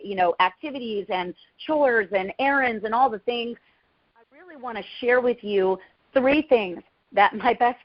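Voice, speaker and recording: Woman, 30s, from Texas; effusive pep-talk guest, slightly high, muffled dry call line. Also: no room sound. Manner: effusive, many fillers. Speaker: guest speaker. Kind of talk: motivational team call talk.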